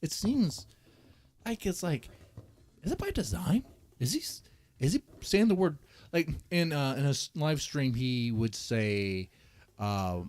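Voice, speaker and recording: A male commentary streamer talks in a casual, rambling way and keeps circling back on his own sentences. His delivery is mocking, and his pitch swings widely as he goes. Faint music plays underneath. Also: a little mellow. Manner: mocking, rambling with many restarts.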